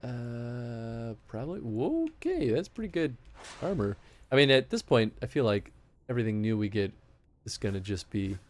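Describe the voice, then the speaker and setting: A man with a light Chicago accent streaming a game, rambling and chatting casually with lots of laughter. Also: medium pitch. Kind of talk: casual live-stream chat.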